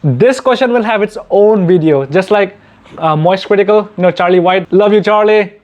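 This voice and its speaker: A man's voice: sits high, moderate pace, darkish tone, muffled recording. A young man from India hosting a casual Q&A for his channel, chatty and self-mocking, laughing often. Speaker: YouTube channel host. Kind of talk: casual Q&A chat.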